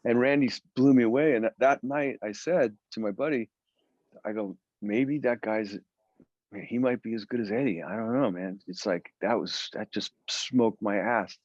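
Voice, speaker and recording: A man, a guitarist from the Philadelphia area, telling long animated stories in an interview with many restarts. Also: lowish voice, moderate pace, no echo, lo-fi sound. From Philadelphia area, USA. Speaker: guest guitarist. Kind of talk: storytelling interview chat.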